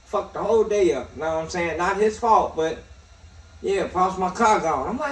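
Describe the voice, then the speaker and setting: A man's voice: high-pitched, moderate pace, a little hiss or hum. A middle-aged man hosting a casual radio talk show, telling stories and cursing freely. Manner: profane, storytelling, animated. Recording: echoey room, distant mic.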